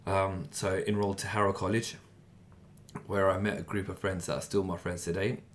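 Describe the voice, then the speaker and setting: A young man co-hosting a podcast, telling his own life story in a casual, animated way and laughing often. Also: low-pitched, normal speed, slight background noise. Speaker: podcast co-host.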